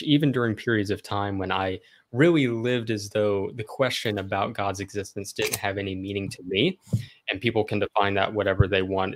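A young man speaks as a guest on a casual podcast, his voice sitting fairly low. He explains himself earnestly and at length, in a friendly, open manner. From American South. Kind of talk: casual interview chat.

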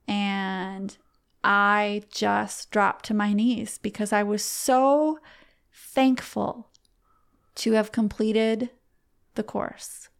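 A middle-aged woman, a guest on a podcast, telling a personal story in a heartfelt, halting way with frequent restarts. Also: medium pitch, vocal fry, smooth. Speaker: podcast guest, competitive archer.

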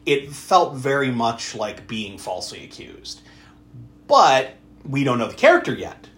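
A man hosting a podcast, chatting casually about a movie, animated and swearing freely as he acts out scenes. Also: mid-range voice, a little slow. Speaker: podcast host. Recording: echoey room.

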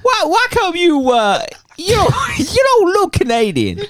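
A woman voicing a loud, jeering heckler who keeps cackling between taunts. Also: extremely high pitch, wildly swooping pitch, a little slow, no echo, clean studio sound, full character voice. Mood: mocking. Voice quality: brash, cackling between phrases.

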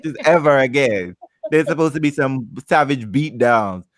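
Animated joking man, lively pitch. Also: moderate pace, dry recording. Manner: animated, joking, repeats "you know what". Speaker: podcast co-host. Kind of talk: casual chat.

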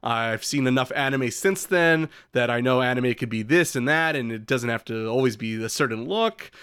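A man co-hosts a podcast in a relaxed, rambling way, joking and throwing in profanity. His voice is smooth and clean, and the close microphone leaves almost no room sound. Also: mid-range voice, moderate pace, no room sound. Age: adult who calls himself old. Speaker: podcast co-host. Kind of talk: casual chat.

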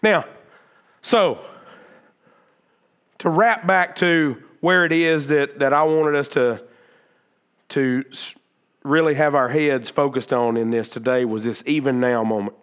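A man's voice: medium pitch, fairly even intonation, takes it slowly, pauses often, fairly bright tone, clear, resonant tone. A man preaching a sermon as pastor, earnest and emphatic, repeating phrases and restarting his sentences.

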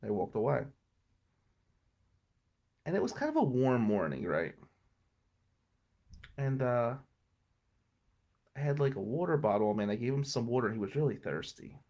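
A middle-aged man with a voice pitched in a plain middle register tells a story in a relaxed, conversational way. He is blunt and swears easily, and he gets animated, pushing hard on big moments and dropping quiet for tender ones. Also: measured pace, pauses often. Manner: animated, emphatic, swings between loud and hushed. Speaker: podcast guest telling a life story. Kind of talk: casual storytelling.

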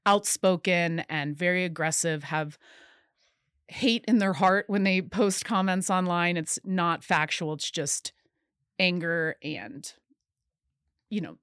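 Earnest woman with a low-set voice. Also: a bit bright, smooth, no echo, studio quality. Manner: earnest, recounting events in detail, at times emphatic. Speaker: guest. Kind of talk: interview storytelling.

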